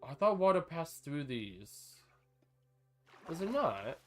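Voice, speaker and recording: A man chatting casually on a live gaming stream, rambling between thoughts and breaking into sudden excited outbursts. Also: fairly high pitch, takes it slowly, soft background music.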